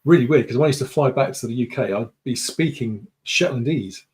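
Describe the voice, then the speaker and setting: Male guest from the UK, mid-pitched, relaxed anecdotal delivery on a video call. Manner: chatty storytelling, unhurried. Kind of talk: casual conversation.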